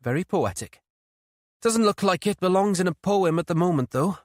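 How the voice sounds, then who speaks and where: A man's voice: high-pitched, animated, normal speed, darkish tone, no echo, studio quality, voice pushed up. A man reading an audiobook, voicing a composed senior female detective inspector. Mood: curious.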